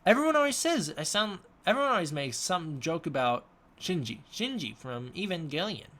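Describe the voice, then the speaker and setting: A man's voice: fairly high pitch, very animated, moderate pace, bright, forceful tone. Hesitant young man streaming a chat Q&A. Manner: mumbling, hesitant, answers chat questions. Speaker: live streamer. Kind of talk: casual live-stream Q&A. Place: home room with a snake tank.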